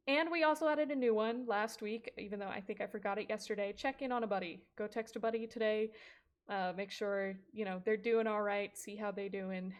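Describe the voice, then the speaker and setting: This is laid-back gaming stream talk from a young woman who chats as she plays, meandering, swearing liberally and breaking into laughter often. Her pitch is medium, her tone steady and her pace a little quick; music runs in the background.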